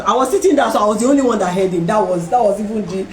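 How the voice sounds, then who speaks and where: A woman hosting a talk, telling a personal story in a lively way and acting out the voices of other people. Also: medium pitch, rapid-fire, a little hiss or hum. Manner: animated, acts out voices in her story, laughs often. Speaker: host. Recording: roomy and distant from the mic.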